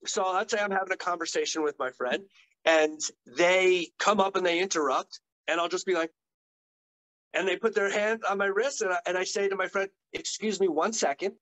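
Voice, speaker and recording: A middle-aged man, an occupational therapist and guest, telling stories in an animated, enthusiastic conversational way. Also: high voice, normal speed, low-quality recording. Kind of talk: conversational interview storytelling.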